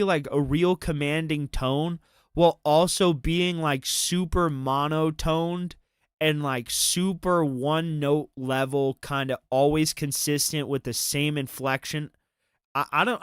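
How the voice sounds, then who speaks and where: Male streamer, slightly high and resonant voice, casual rambling commentary with swearing and restarts, dry close sound. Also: a little slow, fairly bright tone, clear, resonant tone, no echo. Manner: rambling, profane, frequent restarts.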